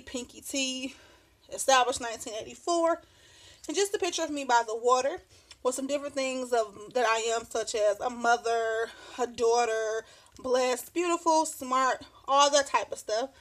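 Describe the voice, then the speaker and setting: A chatty, high-voiced woman who vlogs about crafts does a casual show-and-tell at her home craft desk. She rambles, laughs readily, and is slightly out of breath.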